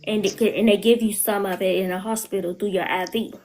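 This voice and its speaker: A woman's voice: medium pitch, steady tone, fast, darkish tone, a little hiss or hum, low-quality recording. A woman speaking candidly on a podcast, telling an emotional personal story and often quoting her own words. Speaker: guest. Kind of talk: podcast interview.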